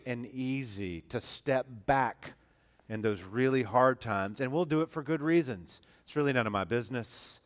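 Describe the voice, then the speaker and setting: A man's voice: medium pitch, fairly bright tone, smooth. A man preaching a sermon as pastor, talking in a conversational way that turns earnest and emphatic, with frequent restarts and repeated phrases. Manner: earnest and emphatic, stressing key words.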